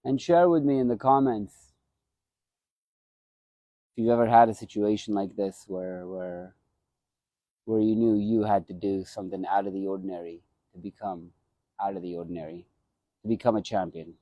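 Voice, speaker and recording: A man who once boxed talks loosely on a live stream, circling back over the same phrases as he remembers. His voice is warm and mellow. The sound is dry and close, with no room around it. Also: lowish voice, normal speed, pauses often, no echo, highs cut off. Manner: rambling, repeats his phrases. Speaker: former boxer hosting a live stream. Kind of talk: casual live-stream reminiscence.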